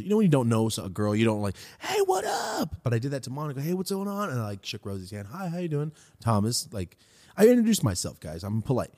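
A man hosting a podcast, telling a story in a loose, profane, rambling way while high. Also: darkish tone, no room sound, clean studio sound. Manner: profane, rambling, laid-back. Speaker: podcast host. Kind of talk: casual storytelling.

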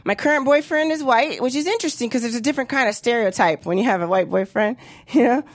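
A woman's voice: on the high side, fast, dry recording, studio quality. A woman in her thirties doing a brash, profane stand-up comedy set. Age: 30s. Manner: brash, profane, animated with voiced impressions.

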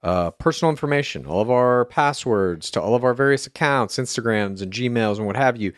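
A man co-hosting a podcast, joking in a casual, deadpan bro way. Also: mid-range voice, brisk, smooth, dry recording, studio quality. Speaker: podcast co-host. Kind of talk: casual chat.

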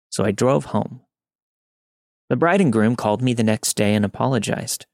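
A man narrating a first-person scary story in a steady, tense read. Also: on the low side, dry recording, clean studio sound.

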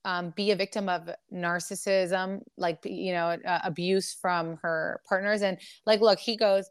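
A woman's voice: fairly low pitch, unhurried, hardly any pauses, smooth, dry recording, clean studio sound. A young adult woman hosting a casual gossip podcast, reading text messages aloud with lots of fillers and swearing. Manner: animated, swearing, frequent fillers. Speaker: podcast host.

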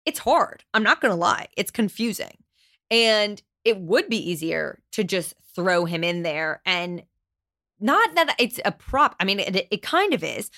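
A woman's voice: on the low side, a bit bright, no room sound, studio quality. Candid, emphatic young woman podcast host. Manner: candid, emphatic, swears freely. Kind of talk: solo podcast talk.

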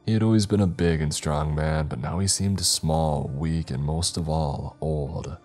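Deep deep voice guy reading a scary story, steady pace, faint music under it. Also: unhurried. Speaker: narrator. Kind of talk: scripted horror story narration.

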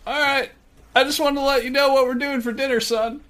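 A man's voice: extremely high pitch, steady tone, brisk, pushed and bright, voice pushed up. A man putting on a breezy, chummy middle-aged dad who calls his son champ.

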